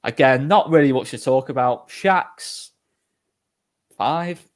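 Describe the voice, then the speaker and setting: Man co-hosting a live fan show, steady and measured. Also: mid-range voice. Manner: measured, steers the talk, reads out poll results. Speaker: co-host of a fan channel. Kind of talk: live stream chat.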